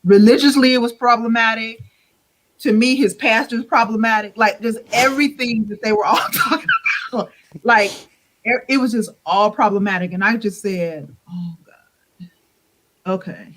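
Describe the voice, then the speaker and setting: A woman's voice: fairly high pitch, moderate pace, noisy background. A woman joining a podcast over an online call, chatting casually and acting out quotes expressively. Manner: expressive, acts out quotes with laughs. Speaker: podcast guest. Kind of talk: casual chat.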